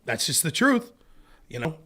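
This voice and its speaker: A man's voice: a little high, big pitch swings, normal speed, bright, forceful tone. A man in his thirties hosting a casual commentary show, telling rambling stories with frequent swearing. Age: 30s. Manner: rambling, profane storyteller. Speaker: host.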